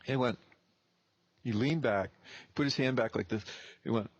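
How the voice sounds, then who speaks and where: A man's voice: mid-range voice, normal speed, pauses often, slightly rough, dry recording, muffled recording. Blunt, profane man telling a story. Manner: blunt, profane, acts out both sides of the dialogue. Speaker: real estate investor and teacher. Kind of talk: casual storytelling.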